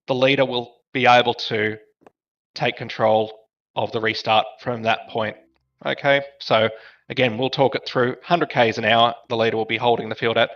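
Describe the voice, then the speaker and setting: A man's voice: mid-range voice, fairly even intonation, moderate pace, a bit bright, muffled recording. A man giving the race briefing over voice chat to online sim racers. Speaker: race director.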